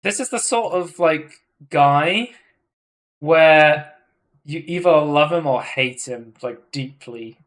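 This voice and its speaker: Animated casual podcast host, man. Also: fairly high pitch, slow pace. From United Kingdom. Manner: animated, swearing, impressions. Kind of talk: casual chat.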